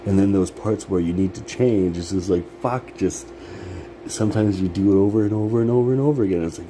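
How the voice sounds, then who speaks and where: Brief: deep-voiced man, loose profane pep talk, steady hum of air conditioning behind him. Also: a little fast. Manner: rambling, profane, laughs often. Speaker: vlogger. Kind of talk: casual motivational monologue.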